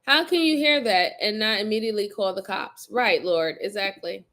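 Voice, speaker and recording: A woman's voice: medium pitch, normal speed, fairly bright tone. A woman hosting a casual livestream, reacting to a crime video and teasing her viewers by name with lots of laughter.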